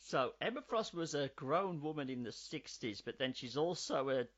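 A man, chatting casually as a podcast co-host, animated and swearing freely. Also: a little high, moderate pace. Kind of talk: casual chat. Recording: slightly dull lo-fi audio.

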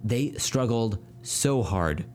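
A man co-hosting a podcast remotely, joking in a laid-back, deadpan way. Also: mid-range voice, takes it slowly, heavy background noise. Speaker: podcast co-host. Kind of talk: casual podcast chat. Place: recording remotely at home.

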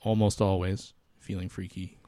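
A man co-hosting a casual podcast, easygoing but fond of making his case in a mock-formal way. His voice sits low. It is recorded dry and up close. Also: little pitch movement, moderate pace, dark tone, no room sound. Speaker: podcast co-host. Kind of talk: casual chat.

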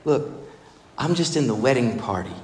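A man preaching a sermon, expressive and emphatic, now and then acting out the voices in the stories he tells. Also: medium pitch, moderate pace, a little hiss or hum. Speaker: pastor. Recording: echoey hall reverb.

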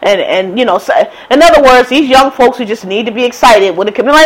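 A woman with a slightly high voice delivers a casual, heated rant full of profanity. She speaks, and her talk is blunt and loose. It sounds like an unscripted monologue. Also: normal speed, fairly bright tone, low-quality recording. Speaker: political commentator. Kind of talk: casual ranting commentary.

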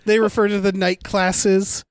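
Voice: medium pitch, little pitch movement, measured pace, dry recording. Dry, close-sounding film podcast co-host. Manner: rambling, many fillers and restarts. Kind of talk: casual chat reviewing a film.

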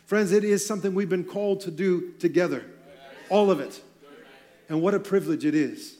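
High-voiced male pastor, conversational. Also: fairly quick, dark tone. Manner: conversational, joking asides. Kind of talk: sermon. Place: church auditorium on stage.

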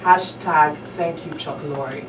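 A woman's voice: low-pitched, slow. A woman guest on a radio show, explaining earnestly with small laughs. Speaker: actress guest. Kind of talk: interview answers. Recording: roomy distant mic with noise.

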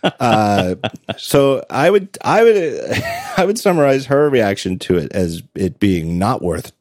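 A man's voice: mid-range voice, sing-song, slow, darkish tone, no room sound, clean studio sound. A man hosting a podcast in casual chat, telling stories with frequent laughs and self-corrections. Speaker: podcast host.

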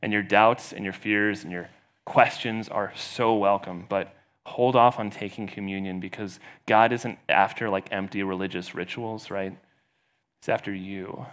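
A man's voice: fairly even intonation, a little slow. Man preaching with rising intensity. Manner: storytelling, rising loud and high for quoted voices. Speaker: pastor. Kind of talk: sermon.

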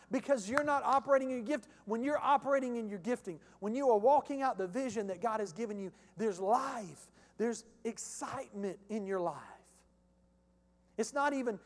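A man preaching a sermon as pastor, impassioned and calling out to his congregation. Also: high voice. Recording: long hall reverb.

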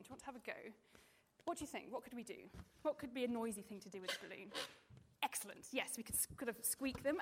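A woman marine biologist giving a lively, playful presentation to a live audience with children, chatty and full of ums. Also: on the high side, fast talker, slight background noise. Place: stage in front of an audience.

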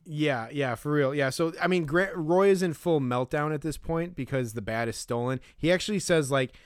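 A man co-hosts a casual podcast, recapping a movie scene by scene, laughing often and acting out the characters' lines with animation. His voice is a little high and moves at normal speed, with a clean, echo-free, studio-quality tone.

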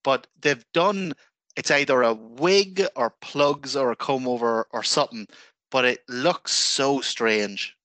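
A man co-hosting a radio show, joking and telling animated stories in casual chat. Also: mid-range voice, takes it slowly, no room sound. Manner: jokey, animated storyteller. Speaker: radio co-host.

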